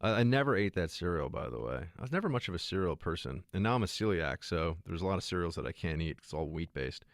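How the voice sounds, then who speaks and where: A man's voice: sits low, lively intonation, fast talker, hardly any pauses, dry recording, clean studio sound. A man hosting a political talk show, speaking in an emphatic, sarcastic way. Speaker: radio host and political commentator.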